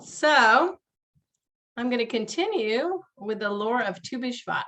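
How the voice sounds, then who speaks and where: A woman's voice: on the high side, expressive, slow pace, fairly bright tone. A woman rabbi leading a seder over a video call, chatty and laughing often, chanting Hebrew blessings.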